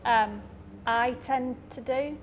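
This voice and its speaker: A woman's voice: a little high, takes it slowly, over a noisy crowd. A woman, an independent filmmaker, chatting casually and self-deprecatingly in an interview.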